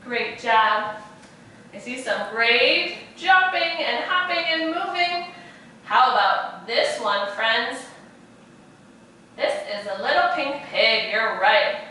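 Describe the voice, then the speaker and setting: A woman teaching preschoolers in a virtual class, speaking in a slow, sing-song, encouraging way. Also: on the high side, expressive, sharp tone, far from the mic, a little hiss or hum. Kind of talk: virtual class for young children. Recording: echoey room, voice off-mic.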